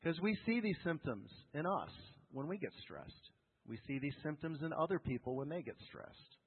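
A man preaching a sermon as a pastor, animated, often asking his listeners questions. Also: on the high side, normal speed, slightly rough. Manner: animated, asks the congregation questions. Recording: phone-like sound with long hall reverb.

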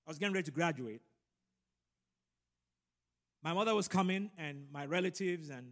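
A middle-aged man preaching a sermon and telling a personal story, animated and building to loud emphatic peaks. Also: high-pitched. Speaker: pastor. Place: large church room. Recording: long hall reverb.

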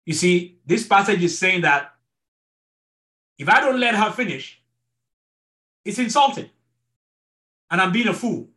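A man's voice: high-pitched, expressive, measured pace, long pauses, sharp tone. A middle-aged man teaching an online marriage class as a pastor, earnest and repeating his words to stress each point. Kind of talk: online sermon-style teaching.

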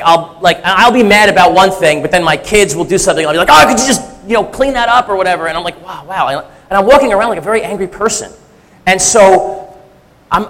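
This middle-aged church speaker, three-quarters Sicilian by heritage, has a high, fairly bright voice that rings in a big room. He delivers a candid, self-deprecating personal testimony sermon, talking loosely and conversationally and restarting often.

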